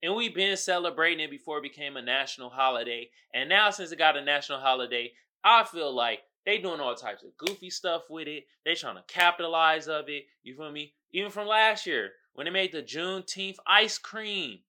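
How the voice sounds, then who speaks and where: A man hosting a casual comedic commentary show, speaking, animated with loud outbursts and laughing asides. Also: on the high side, a little fast, hardly any pauses. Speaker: podcast host.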